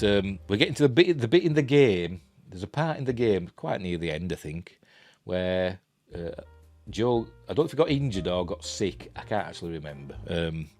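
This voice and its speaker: Low-voiced Yorkshire man rambling through a review. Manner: rambling, chuckling, self-deprecating, many fillers. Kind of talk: casual spoken review. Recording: faint music in the background.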